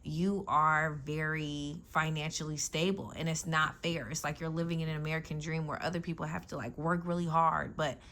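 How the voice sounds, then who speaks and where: A woman's voice: low-pitched, flat delivery, normal speed, hardly any pauses, a bit bright. A woman giving a casual tarot reading, talking bluntly in slang with plenty of profanity and frequent check-ins with her listeners. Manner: blunt, slangy and profane, with frequent "you know what I'm saying". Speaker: tarot reader.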